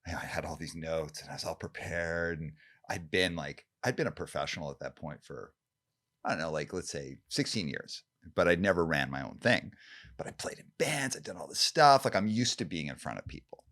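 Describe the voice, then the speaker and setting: A man hosting a podcast in casual conversation, relaxed and laughing along with his guest. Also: low voice, a little fast, no echo, studio quality. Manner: relaxed, laughs along, uses slang like "dude". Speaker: podcast host.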